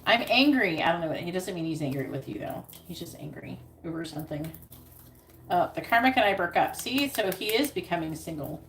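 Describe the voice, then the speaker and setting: A woman's voice: fairly low pitch, lively intonation, a little fast, a bit bright. A woman doing a live-streamed psychic reading, repeating her questions again and again and breaking off for casual asides. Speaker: psychic reader. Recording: echoey room with background noise.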